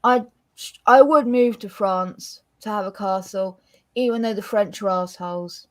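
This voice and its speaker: A woman with an English accent chatting casually as a co-host, blunt and animated, swearing freely. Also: medium pitch, unhurried. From England. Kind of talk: casual chat.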